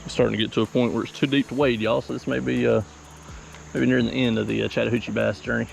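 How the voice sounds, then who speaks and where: A man's voice: medium pitch, level tone, quick pace, vocal fry. A man hosting a fishing vlog, chatting easygoing as he wades and casts in a mountain creek. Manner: easygoing, chatty, talks while casting. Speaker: fishing channel host. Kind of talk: casual outdoor vlog commentary. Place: outdoors wading in a mountain creek. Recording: outdoor field recording with insect noise.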